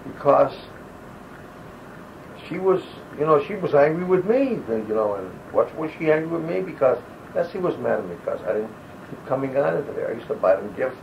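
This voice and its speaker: A man's voice: fairly high pitch, big pitch swings, brisk, vocal fry. An older man telling rambling wartime stories in an oral-history interview, often acting out the people he quotes. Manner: loose, digressive, acts out quoted voices. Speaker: interviewee, army veteran. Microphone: home audio recorder. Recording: lo-fi old tape with faint hiss.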